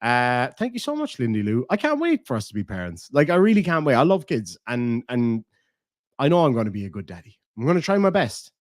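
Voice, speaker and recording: A man's voice: mid-range voice, wildly swooping pitch, brisk, no room sound, studio quality. A young Irish man hosting a casual livestream, swearing, joking and reading out chat messages. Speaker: livestream host.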